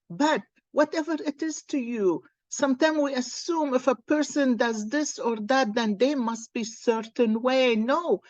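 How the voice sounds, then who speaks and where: A woman reads the cards and shares a story at an unhurried, deliberate pace. Her manner is earnest and encouraging, recorded close and dry with no room sound. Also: fairly high pitch, darkish tone, no echo. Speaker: card reader. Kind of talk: casual spiritual storytelling.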